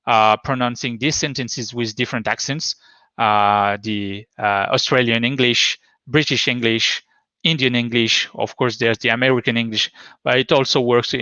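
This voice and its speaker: A man's voice: mid-range voice, pushed and bright, dry recording, dull audio. French-accented man giving a tech talk. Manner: hesitant, many fillers and restarts. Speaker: conference speaker. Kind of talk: technical talk with live demo. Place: home.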